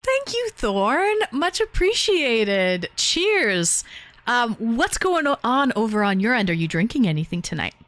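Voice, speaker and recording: Chatty female streamer host, animated delivery, dry close sound. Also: fairly high pitch, unhurried, no echo. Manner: bubbly, chatty, lots of fillers and laughs. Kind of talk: casual livestream chat.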